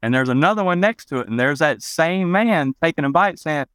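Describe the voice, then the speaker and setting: A man's voice: on the high side, expressive, brisk, a bit bright, smooth, no echo. A man from Arkansas, telling a personal story as an interview guest in a loose, reflective way, with many "you know" fillers, raising his voice to act out the people he quotes. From Arkansas, USA.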